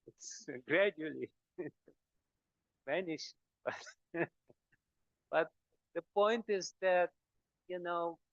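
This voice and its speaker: A man's voice: sits high, dry recording. An older man, a monk, giving a devotional lecture as a chuckling storyteller who acts out the voices he quotes. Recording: dull, dry lecture recording.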